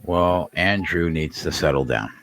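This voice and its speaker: A man's voice: low-pitched, measured pace, gravelly, a bit bright. A man co-hosting a live betting stream, answering with dry, laid-back remarks. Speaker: co-host. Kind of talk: casual betting chat.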